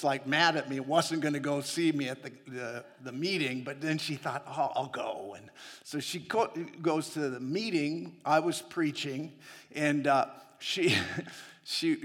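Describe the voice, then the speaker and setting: A man's voice: on the high side, unhurried, fairly bright tone. Chatty preacher man in a reverberant hall. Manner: chatty, laughs often between lines. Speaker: missionary preacher. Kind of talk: sermon with personal storytelling.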